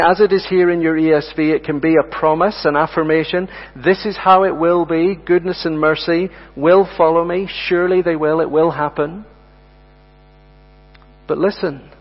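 A man preaching a sermon, earnest and emphatic, addressing the congregation as friends and slowing down to repeat key words. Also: a little high. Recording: dull sound with long hall reverb and mains hum.

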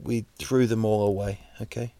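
A man with a New Zealand accent hosting a solo podcast, rambling deadpan jokes with many fillers and restarts. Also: lowish voice, moderate pace. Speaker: podcast host. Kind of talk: solo comedic podcast monologue.

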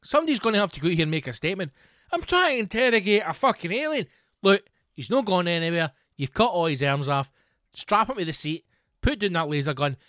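A fed-up, foul-mouthed boss barks orders at his staff, quick and raised in pitch, as a man acts him out on a comedy podcast. He sounds harried and exasperated throughout. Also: sing-song, a bit bright, no echo, studio quality. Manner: exasperated, sweary barking.

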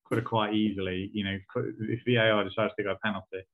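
A man co-hosting a casual football podcast, giving dry, analytical takes. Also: on the low side. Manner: flat, dry, fast-talking analysis. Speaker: podcast co-host. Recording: tinny phone-like line.

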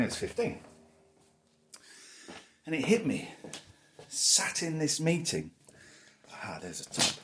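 A man's voice: mid-range voice, a little hiss or hum. A man in his forties chatting candidly while he packs at home, stopping to talk to his dog. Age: 40s. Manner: rambling, candid, talks to his dog between thoughts. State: out of breath from stairs. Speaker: vlogger. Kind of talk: casual chat while packing. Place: home, indoors.

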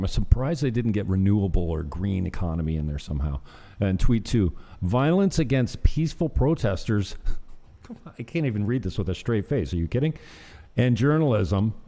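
A man's voice: on the low side, warm tone. A man hosting a casual political chat, sarcastic, often laughing and trailing off mid-sentence. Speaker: host.

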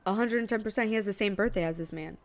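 Gravelly-voiced woman podcast host. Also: medium pitch, racing, slight background noise. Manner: slangy, profane, animated retelling. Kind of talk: casual storytelling chat.

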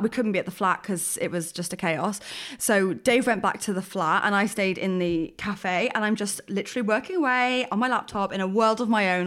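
Animated woman telling a story. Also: medium pitch. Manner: animated, rambling, lots of fillers. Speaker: podcast co-host. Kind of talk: casual chat, storytelling.

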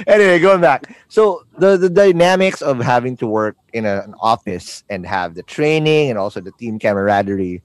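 A man's voice: mid-range voice, animated, measured pace, dry recording. A man from the Philippines hosting a casual podcast interview, asking long, rambling questions that repeat words and drift off on tangents. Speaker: podcast host.

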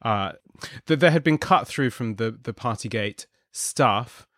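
A man's voice: medium pitch, expressive, unhurried, a bit bright, dry recording, clean studio sound. A man as a podcast guest, giving wry political analysis in a thoughtful way, with frequent ums and restarts. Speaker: guest, contributing editor.

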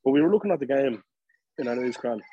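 A man with a Dublin accent, co-hosting a podcast and telling an animated, casual story full of fillers. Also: mid-range voice, fast talker, breathy edge, muffled recording. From Ireland. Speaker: podcast co-host. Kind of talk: casual chat.

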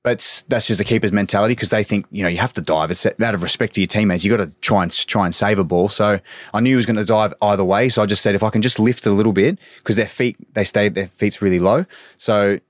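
Aussie bloke in his 30s rattling off footy stories, lowish voice, dry sound. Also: fast, no echo. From Australia. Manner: swears freely, tells anecdotes with quoted voices. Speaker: guest, former footballer. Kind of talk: casual podcast chat.

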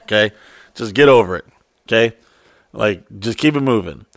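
A man telling a wild story in casual, profane chat, acting out quotes in high voices. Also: a little slow, long pauses, dry recording, studio quality. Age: adult.

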